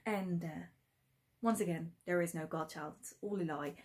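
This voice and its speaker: A woman's voice: lowish voice, moderate pace. A woman telling a folktale in a chatty, informal way, with many fillers and asides. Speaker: storyteller. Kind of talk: casual folktale retelling.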